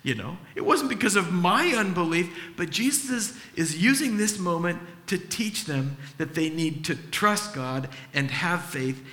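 A man preaching a sermon, animated, acting out the voices of people in the story he tells. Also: fairly high pitch. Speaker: pastor. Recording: echoey hall.

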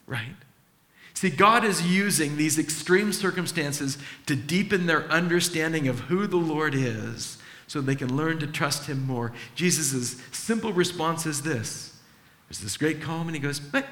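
A man preaches a sermon in a bright, forceful voice, acting out the people in his story. His speech rings through a large echoing hall with a long reverb tail. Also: fairly high pitch, unhurried. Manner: animated preaching, acts out the disciples' voices. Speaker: pastor. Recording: echoey hall.

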